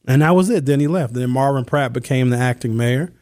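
A man hosts a talk radio show from a dry, close-miked studio. He tells stories in loose, slangy speech and reads listener texts aloud. His voice sits at a middle pitch for a man. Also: a little fast, a little mellow, dry recording. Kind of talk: casual talk radio monologue. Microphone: studio microphone.

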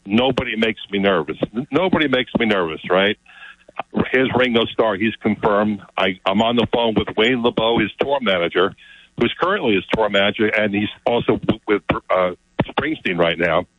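A man telling an excited story as a guest, often repeating his words. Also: fairly low pitch, moderate pace, no room sound. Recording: dull, lo-fi sound.

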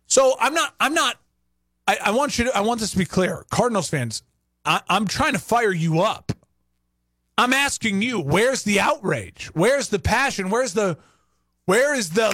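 Male sports talk host, animated, opinionated rants, high lively pitch. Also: a little slow, long pauses, no room sound, studio quality. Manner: animated, ranting, rhetorical questions.

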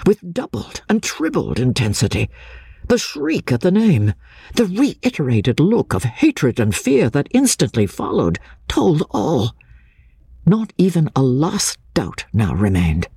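A man narrating a classic novel in first person with a dramatic, expressive reading. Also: mid-range voice, slightly rough, no echo. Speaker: audiobook narrator.

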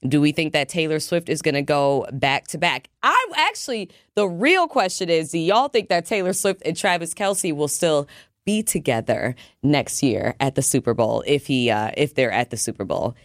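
Woman radio host, low voice, dry close sound, chatty and teasing. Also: animated, normal speed, no room sound. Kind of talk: casual radio talk.

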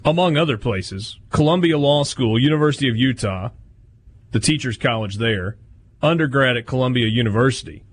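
A man hosting a sports talk radio show in a studio, running through schedules and promos in a brisk, dry way. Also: medium pitch, expressive, slightly rough.

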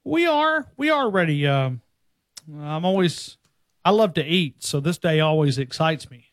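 A man with a Southern drawl runs a sports call-in show, pitched a little high. He talks loosely, with lots of fillers. The sound is close and dry. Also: measured pace, no echo. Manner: relaxed, easygoing, many fillers. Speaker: sports radio host. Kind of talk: call-in radio chat.

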